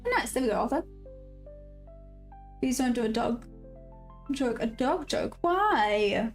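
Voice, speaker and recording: A South African woman with a slightly high voice hosts a live stream in a relaxed, chatty way. She answers her viewers' comments as they come in, over soft background music. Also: moderate pace, pauses often. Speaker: day-trading livestream host. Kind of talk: casual live-stream chat. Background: faint background music.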